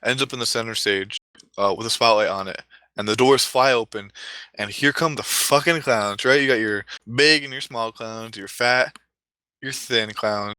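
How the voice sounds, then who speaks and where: A man's voice: medium pitch, normal speed, pushed and bright, clean tone, no room sound. Profane, rambling man telling a story. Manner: profane, rambling, self-correcting. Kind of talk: casual comic storytelling.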